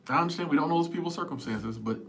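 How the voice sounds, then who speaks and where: A man in his forties hosting a casual live stream, answering viewers in an animated, emphatic, joking way on a small clip-on mic. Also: on the high side. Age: 40s. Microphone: small wireless clip-on mic.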